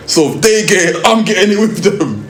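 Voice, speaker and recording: A man's voice: high voice, moderate pace, echoey room. Young London man telling a story. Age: young adult. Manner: lively, slang-heavy, restarts often. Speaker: music video director. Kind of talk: storytelling interview.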